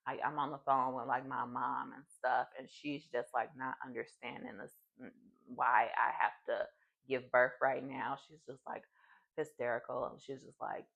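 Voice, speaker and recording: A woman's voice: rumbling low, moderate pace, vocal fry, low-quality recording. A young adult woman vlogger telling a personal story in a casual, chatty way, full of fillers. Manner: chatty, animated, many fillers.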